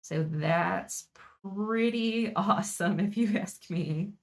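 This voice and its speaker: A young woman chatting through a live-stream board game unboxing, thinking aloud and laughing softly as she goes. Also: medium pitch, takes it slowly.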